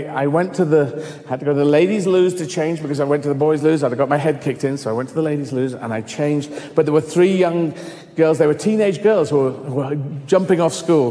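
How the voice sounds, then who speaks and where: Man telling stories in a hall. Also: on the high side. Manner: animated, acts out voices, swears freely. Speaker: guest. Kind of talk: storytelling in conversation. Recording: echoey hall reverb.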